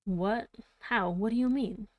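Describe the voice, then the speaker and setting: A woman reading the lines of a polite, curious gentleman narrator who asks questions in a formal way. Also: medium pitch, measured pace, dry recording, phone-quality sound, close to an everyday voice. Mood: inquiring. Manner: formal, inquiring. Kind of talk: audiobook reading.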